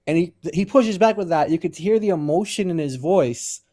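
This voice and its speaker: A man's voice: high-pitched, normal speed, mellow. A man co-hosting a livestream, arguing his points emphatically. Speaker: co-host. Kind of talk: livestream commentary.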